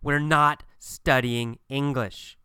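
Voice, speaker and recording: A man's voice: mid-range voice, fairly even intonation, slow, bright, forceful tone, clean tone, dry recording, clean studio sound. A man voicing a dismissive young man who scolds his friend in a curt, exasperated way. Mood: annoyed.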